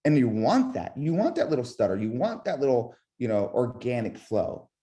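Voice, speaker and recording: This is webinar instruction with demo calls, led by a man of medium pitch at a moderate pace. He coaches sales calls in a lively way, showing how vocal tonality works and asking his listeners questions.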